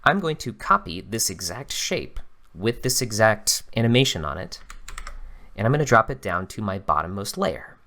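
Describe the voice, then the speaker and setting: Guy doing a chill screen-recorded tutorial, talking through each step, pitch bounces around a lot. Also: normal speed. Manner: relaxed, conversational step-by-step explaining. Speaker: software tutorial host.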